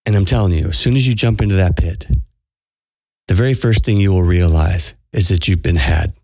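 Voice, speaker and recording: A man's voice: deep voice, a little fast, dark tone, dry recording, studio quality. A man hosting a podcast as a spiritual coach, preaching to listeners in an earnest, urgent way and repeating phrases for emphasis.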